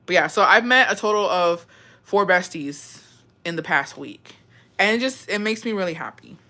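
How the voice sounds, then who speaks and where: A woman's voice: on the low side, animated, moderate pace, bright, forceful tone. A young woman from Texas in her twenties, chatting emotionally and swearing freely as she reacts to viewer stories. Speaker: host reading viewer stories. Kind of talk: casual chat.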